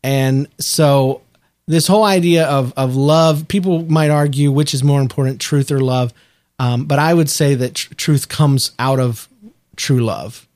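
A man's voice: medium pitch, steady tone, unhurried, a little mellow, dry recording. A man co-hosting a casual podcast, speaking in an earnest, reflective way. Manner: earnest, reflective, talks about faith. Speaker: podcast co-host. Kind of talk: casual chat.

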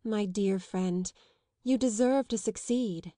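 A woman reading the part of a composed, kind but weary young woman in an audiobook, speaking calmly and gently. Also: medium pitch, dry recording, studio quality, natural voice. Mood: measured. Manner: calm, gentle, measured.

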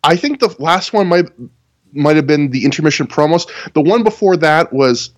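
A man's voice: fairly high pitch, animated, moderate pace. A man co-hosting a podcast, chatting casually as he reviews a show, rambling and laughing often. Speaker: podcast co-host. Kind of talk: casual chat reviewing wrestling shows.

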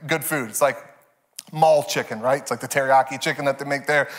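A man in his thirties preaching a sermon as pastor, telling stories with animated, expressive delivery. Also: a little fast. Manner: animated storytelling, jumps high for quoted voices.

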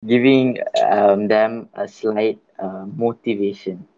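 A man co-hosting a podcast in casual chat, hesitant and halting. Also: lowish voice, fairly even intonation, highs cut off. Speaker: podcast co-host.

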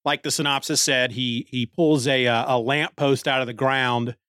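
A man's voice: mid-range voice, steady tone, moderate pace, fairly bright tone, clear, resonant tone, no echo. A man with a mid-range voice is recapping a comic book on his podcast. He rambles a little, restarts his sentences and sounds casual. The recording is dry and close, with no room sound. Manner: rambling, with restarts and short laughs. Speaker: podcast host reviewing a comic.

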